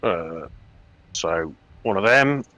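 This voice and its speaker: Slow, low-voiced man playing a game. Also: lively intonation, bright, forceful tone, poor audio. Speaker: player. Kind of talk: casual game chat. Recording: faint background music.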